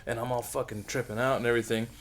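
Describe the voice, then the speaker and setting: A young man co-hosting a podcast, chatting casually, excitable and profane. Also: medium pitch. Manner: excitable, profane, quick to laugh. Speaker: podcast co-host. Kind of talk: casual chat.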